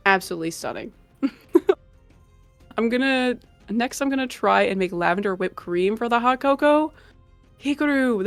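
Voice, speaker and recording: A woman's voice: medium pitch, no room sound. Bubbly giggly woman streamer chatting w/ chat, gushy, dry close mic. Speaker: livestream host. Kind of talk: casual chat with live chat.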